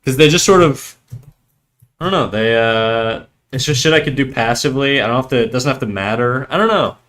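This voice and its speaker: A young streamer from French Canada with a Québécois accent chats loosely on a livestream, laughing, swearing freely, and switching between English and French. His medium-pitched, expressive voice is brisk and a bit bright.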